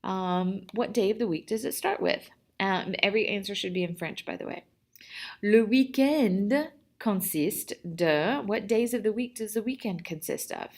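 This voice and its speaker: Woman French teacher, slightly gravelly, chatty recorded class lesson with repeat-after-me drills. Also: mid-range voice, normal speed. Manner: chatty, repeats words for students to echo.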